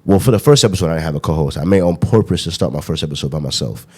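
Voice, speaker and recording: A man's voice: a bass voice, lively intonation, very fast, dark tone, husky. A man hosting a podcast in casual chat, rambling with frequent laughs and fillers. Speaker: podcast host.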